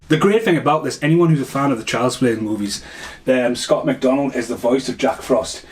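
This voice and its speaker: A man's voice: mid-range voice, a little fast, a little mellow. A man giving a casual, rambling film review, swearing freely and laughing at his own jokes. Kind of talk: casual movie review rant.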